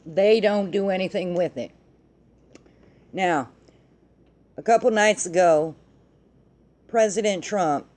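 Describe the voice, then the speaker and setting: Middle-aged woman host, mellow dark voice, fired up and cussing a lot. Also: lowish voice. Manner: angry, profane ranting. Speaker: podcast host. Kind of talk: heated political commentary.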